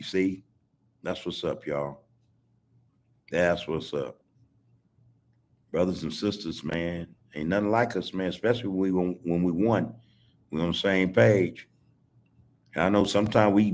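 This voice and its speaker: A middle-aged man hosting a podcast over a video call, talking in a loose, repetitive street style and saying "man" constantly. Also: low voice. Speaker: podcast host. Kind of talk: casual heartfelt talk on a video call.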